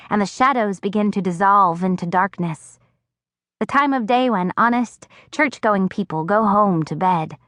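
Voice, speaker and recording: A woman narrating a first-person audiobook in an expressive storytelling voice, recorded on a close studio mic. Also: mid-range voice, dry recording. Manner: expressive, acting out dialogue.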